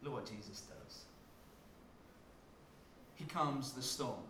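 A man preaching a sermon, dropping to a hush and rising to loud emphasis as he tells the story. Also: mid-range voice, takes it slowly, reverberant, a little hiss or hum. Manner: dramatic shifts from hushed to loud when acting out scenes.

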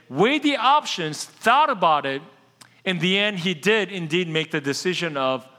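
Male pastor, high and bright, conversational sermon with a long church-hall echo. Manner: casual, conversational preaching that addresses the congregation directly.

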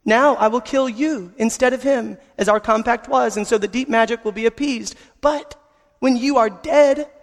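A man voicing a cruel, gloating witch queen who taunts in a quivering voice, read aloud from a storybook in a reverberant hall. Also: very high-pitched.

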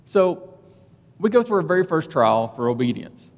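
Man preaching through a personal anecdote, lively pitch, echoing hall. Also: moderate pace. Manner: animated, conversational, keeps asking "right?". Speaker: police officer and church speaker. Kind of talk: sermon storytelling.

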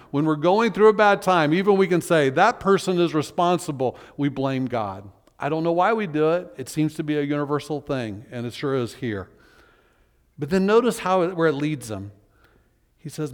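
A man's voice: a little high, animated. Man preaching with a ringing hall reverb. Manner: conversational preaching, reads scripture aloud slowly. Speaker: pastor. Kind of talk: sermon. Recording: long reverb of a large hall.

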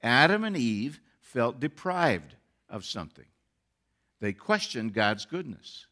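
A man's voice: mid-range voice, sing-song, slow, sharp tone. A man who is a pastor, preaching a sermon with earnest rising emphasis.

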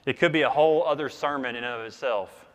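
A man's voice: medium pitch, quick pace, in a large hall. A man preaching a sermon in an earnest, emphatic way, repeating key phrases for weight. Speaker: pastor.

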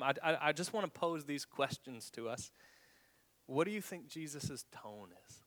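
A man's voice: fairly high pitch, animated, normal speed, a bit bright. A male pastor preaching a sermon, often repeating words as he searches for them and dropping to a whisper. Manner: stumbling repeats, dramatic drops to a whisper.

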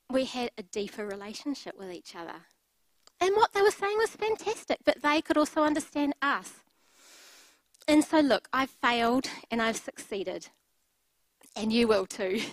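A middle-aged woman preaches a sermon, sharing her own stories in a candid, open way. Her voice sits a little high, and the sound is close and dry, with no room around it. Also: no echo, low-quality recording. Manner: candid, personal storytelling with light laughs.

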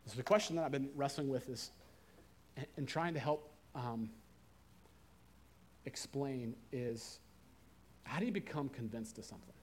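A male preacher delivers a sermon in a relaxed, conversational voice of middling pitch. He slows down and drops to a softer voice to stress key words. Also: breathy edge.

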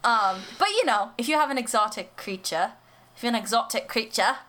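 A young American woman hosts a casual podcast chat over a video call, chatty, giggly and full of fillers. She speaks American English in a fairly high, expressive, sharp-toned voice at a brisk pace.

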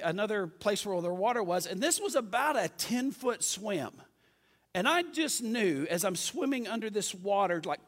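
A man preaching a sermon, telling a story in a lively, self-mocking way. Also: sits high, in a large hall.

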